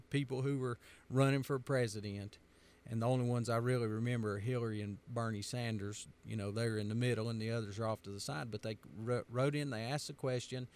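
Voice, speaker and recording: A man's voice: mid-range voice, a little mellow. A man from the United States giving an emphatic, sermon-style commentary, driving his points home by repetition.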